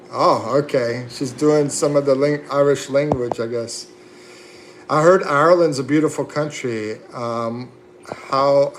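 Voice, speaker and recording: At a medium pitch, a male host banters through a casual livestream, reading viewer comments aloud and replying with laughs and fillers. Slight background noise is present.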